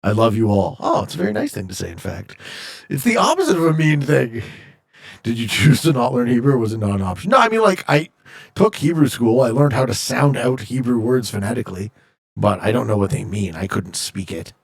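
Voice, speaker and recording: Man, streamer, from Canada, casual chat, reads chat aloud, joking, lively pitch. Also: a little fast, gravelly, breathy edge. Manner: jokey, reads viewer chat aloud and answers. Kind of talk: casual live-stream chat while gaming.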